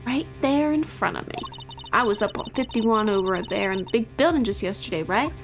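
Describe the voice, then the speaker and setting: A woman's voice: fairly high pitch, animated, a little fast, soft background music. A woman voicing a brash female photographer in a drawling, folksy Southern US accent, in a video game read-along. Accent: Southern US put-on.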